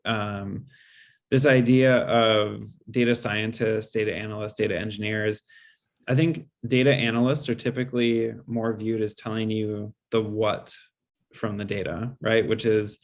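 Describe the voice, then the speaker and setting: Low gravelly man explaining. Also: little pitch movement. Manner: measured, frequent "um" and "like". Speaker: guest speaker. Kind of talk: webinar Q&A answer.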